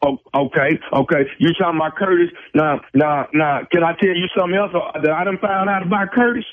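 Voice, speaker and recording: A man's voice: on the high side, steady tone, fairly quick. Man prank calling over a tinny phone. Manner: drawling, repetitive, stammering restarts. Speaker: radio prank caller.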